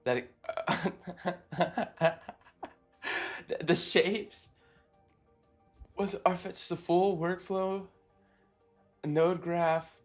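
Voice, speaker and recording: A man streaming live as he works, excitable and swearing, exclaiming in disbelief between quick technical explanations. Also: high-pitched, soft background music. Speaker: automation agency founder streaming live. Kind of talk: live-stream coding reaction.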